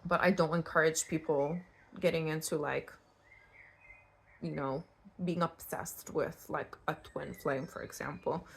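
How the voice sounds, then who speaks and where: Chatty, animated woman tarot reader. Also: low voice, a little slow, vocal fry, husky. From Eastern Europe. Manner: chatty and animated, goes off on tangents. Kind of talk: casual pick-a-card tarot reading.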